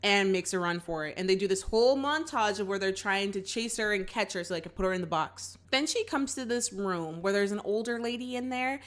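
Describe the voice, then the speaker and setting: A woman's voice: mid-range voice, a little fast, few pauses. A young woman hosting a movie reaction, recapping the plot in casual chat and talking straight to her viewers. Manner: animated, acts out characters' lines, talks to viewers as y'all.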